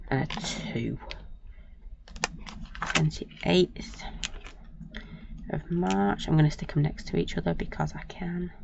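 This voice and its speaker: A low, gravelly-voiced woman chats through a live crafting demo, musing aloud and checking in with her viewers. The audio is dull and lo-fi, with faint clicking and typing behind her. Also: a little mellow, slight background noise. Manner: chatty, thinks aloud, many tag questions. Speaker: craft demonstrator.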